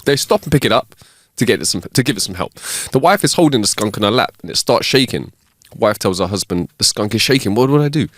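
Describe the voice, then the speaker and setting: A man co-hosting a podcast, telling jokes in a lively way with laughter in between. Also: fairly low pitch, quick pace, no echo. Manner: lively joke-telling with laughter, voices characters. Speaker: podcast co-host. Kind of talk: casual chat, telling jokes.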